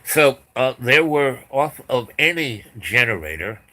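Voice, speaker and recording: A man's voice: mid-range voice, very animated, a little slow, sharp tone. An older man telling a rambling personal story, full of restarts and asides. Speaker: podcast host.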